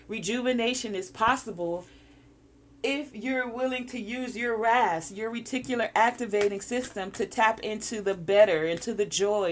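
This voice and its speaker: Woman coaching with spiritual encouragement. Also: fairly high pitch. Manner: encouraging, coaching breathing exercises. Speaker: spiritual guide.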